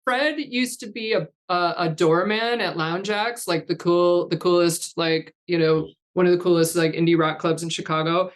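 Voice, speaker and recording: A woman in her fifties with a lowish voice, talking as an interview guest. She rambles through loose, anecdotal stories with frequent laughter and restarts. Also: moderate pace, hardly any pauses. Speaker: guest, artist coach. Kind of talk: casual interview chat.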